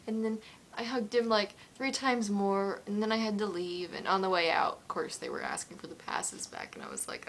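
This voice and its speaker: At home with her cat, a woman with a fairly high voice speaks at a normal speed, answering fan questions for a casual vlog. She rambles and giggles, then apologizes as she gets emotional while telling a story.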